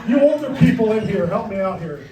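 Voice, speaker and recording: A middle-aged man doing a punchy, deadpan stand-up comedy set in a comedy club. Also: high-pitched, a little fast, over music. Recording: roomy club sound, mic far off, crowd. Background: audience laughter.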